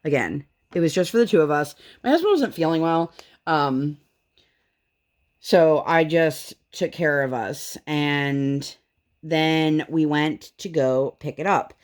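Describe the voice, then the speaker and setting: A woman in her thirties chatting casually while she crafts, acting out the people in her story with big jumps in her voice. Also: takes it slowly. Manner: animated storytelling, acts out dialogue with big pitch jumps. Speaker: craft vlogger.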